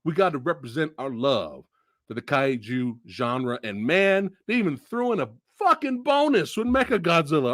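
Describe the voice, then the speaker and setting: A man hosting a film review show, ranting with big swings in pitch and loud, profane outbursts. His voice sounds close and dry, with almost no room echo. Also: moderate pace. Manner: animated, profane, shouting bursts. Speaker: movie review host. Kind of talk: excited film review rant.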